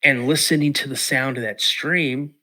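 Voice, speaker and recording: A man from Washington state, a podcast guest telling a story in an animated way, acting out quotes and repeating words. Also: mid-range voice, moderate pace. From Washington state, USA.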